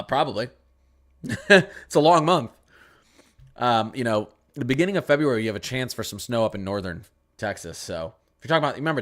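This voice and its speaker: A young man hosting a casual weather stream, answering viewer questions and rambling through model charts, often repeating himself. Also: medium pitch. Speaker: weather channel host. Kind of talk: casual livestream weather talk.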